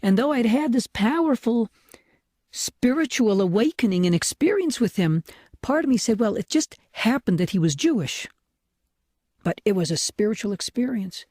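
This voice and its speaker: An older man, a rabbi, telling a personal spiritual story in a soft, reflective way, often dropping to a hushed whisper. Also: high-pitched, lively intonation, moderate pace, no room sound, studio quality. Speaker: rabbi teaching.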